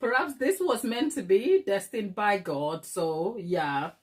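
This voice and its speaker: A middle-aged woman from Africa hosts a baking channel and talks slowly in an animated, mid-range voice. Her livestream chat with viewers is casual, full of laughter, and she calls them darling.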